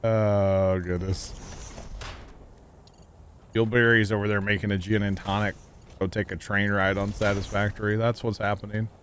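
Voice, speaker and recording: A man chatting casually while livestreaming a video game, rambling and joking as he thinks out loud. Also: lowish voice, little pitch movement, normal speed, pauses often, slight background noise. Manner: rambling, jokey, thinking aloud. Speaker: game streamer. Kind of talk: casual gameplay livestream chat.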